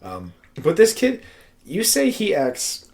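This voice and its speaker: A man's voice: a little high, huge pitch swings, slow pace, a little mellow. A young man co-hosting a podcast, joking around and laughing often as he chats about a film. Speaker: podcast co-host. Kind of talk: casual chat.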